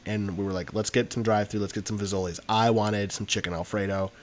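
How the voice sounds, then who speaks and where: A man's voice: lowish voice, flat delivery, fast talker. A young man, co-hosting a podcast and telling a long, rambling anecdote in casual chat, full of fillers. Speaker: podcast co-host.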